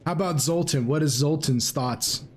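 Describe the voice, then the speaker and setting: A man as game master narrating a tabletop game in a casual, halting way, often laughing. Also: fairly high pitch.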